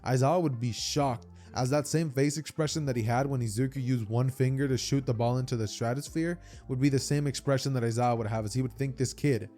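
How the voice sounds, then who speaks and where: A man's voice: medium pitch, fairly even intonation, quick pace, hardly any pauses, dark tone, soft background music. A young man casually telling a fan-fiction story, rambling with stammered repeats and many fillers.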